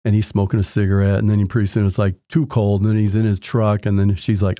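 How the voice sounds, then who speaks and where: Male home inspector guest, warm dark timbre, dry close mic, lively storyteller. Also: fairly low pitch, fast, dry recording. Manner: animated anecdotes with acted-out dialogue. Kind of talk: conversational storytelling.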